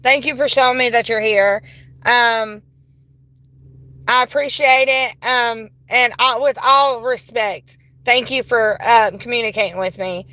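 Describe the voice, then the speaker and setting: Woman streaming a ghost hunt from her car phone, bright and a bit high, polite then gushing. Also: unhurried, no room sound, poor audio. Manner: polite to spirits, bursts of excited squealing. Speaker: paranormal livestreamer. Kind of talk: livestream ghost investigation. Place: inside a car.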